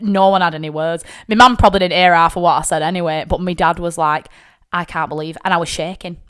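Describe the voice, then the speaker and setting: A young woman, hosting a podcast, telling a personal story bluntly and with frequent swearing, tearful at times. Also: fairly low pitch. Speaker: podcast host.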